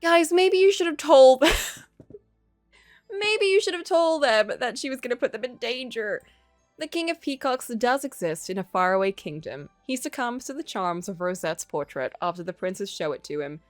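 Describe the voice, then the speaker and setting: A woman's voice: mid-range voice, normal speed, no room sound, soft background music. A woman streaming a game live, reading its text aloud and chatting casually, laughing and gasping as she reacts. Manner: lively, chatty, laughs often, reacts with gasps.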